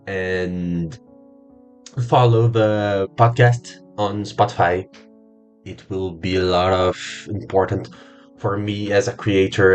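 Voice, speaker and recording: A young Brazilian man hosting his own podcast in English as a second language, halting and repeating words, swearing casually. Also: fairly low pitch. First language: Portuguese. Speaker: podcast host. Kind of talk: casual solo podcast monologue.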